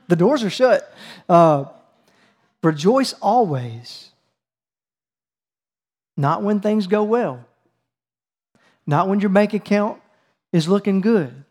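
Slow, emphatic preacher man. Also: sits high, a little mellow. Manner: emphatic, calls on the listeners to answer aloud. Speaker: preacher leading a Bible study. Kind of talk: teaching sermon with scripture reading.

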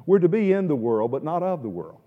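A man preaching a sermon in a church sanctuary, emphatic, swinging between loud stressed words and quiet asides and repeating words as he restarts. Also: a little high, sing-song, a little fast. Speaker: pastor. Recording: echoey hall, dull lo-fi sound.

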